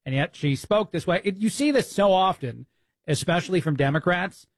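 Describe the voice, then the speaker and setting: A man hosts a talk radio show from a dry, close studio mic, his voice sitting a bit high for a man. He rants indignantly with many "uh" fillers and quick restarts. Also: animated, no echo. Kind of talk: opinionated talk radio monologue.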